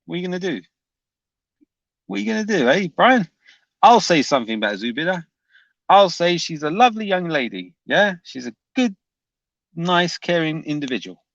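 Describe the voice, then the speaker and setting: A loud, goading tough guy with a raised pitch, daring someone to say it to his face, as a streamer puts him on. The sound is dull and lo-fi with a dry, close feel. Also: sing-song, normal speed, gravelly, pauses often, no room sound, full character voice. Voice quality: loud, goading, higher than his own voice. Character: brash tough-talking man daring someone to fight.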